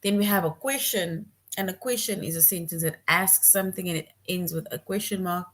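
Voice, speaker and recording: A woman teaches a children's grammar lesson online. She is patient and goes over each point more than once. She often checks in with a quick "right?". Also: lowish voice, fairly bright tone.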